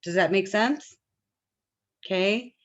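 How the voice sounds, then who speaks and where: The recording is muffled as a woman with a mid-range voice teaches online at a slow pace. Chatty and casual, she frequently asks questions to make sure her students are keeping up.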